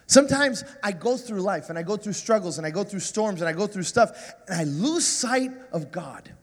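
A man in his forties, a guest preacher telling a self-mocking, animated story in a sermon. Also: high voice, moderate pace, in a large hall.

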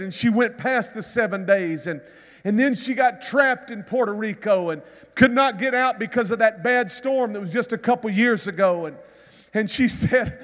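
Man, preacher, impassioned sermon, very high voice, long hall reverb. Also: lively intonation, normal speed, a bit bright. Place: church.

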